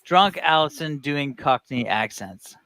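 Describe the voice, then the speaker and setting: Guest: joking, blunt woman with a low, swinging voice and dry sound. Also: animated, a little slow, fairly bright tone, no room sound. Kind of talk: casual chat on a charity stream.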